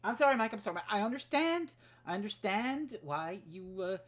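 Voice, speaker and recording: A woman's voice: mid-range voice, big pitch swings, brisk. Woman, podcast guest, heated, profane, ranting. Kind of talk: recorded rant segment.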